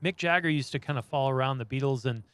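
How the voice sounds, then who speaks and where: A man's voice: mid-range voice, fast, fairly bright tone, clean tone. A man co-hosting a podcast, chatting casually with a blunt, profane, joking manner. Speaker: podcast co-host. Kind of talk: casual chat.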